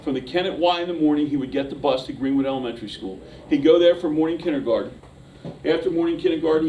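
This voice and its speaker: A man delivers a motivational talk as a lively story, and his voice sits a little high. He sounds far from the mic, with a faint hum underneath. The large room around him rings with echo. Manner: animated storyteller who builds to shouting. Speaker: motivational speaker. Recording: echoey room from a distance.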